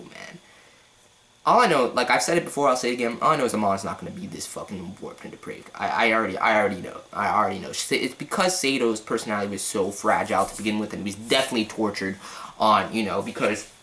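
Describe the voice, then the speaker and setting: Man, casual manga review rant, excitable, slangy, swears a lot, drops to near-whispers. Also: on the low side, poor audio. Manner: excitable, profane, slangy, swings between loud and hushed.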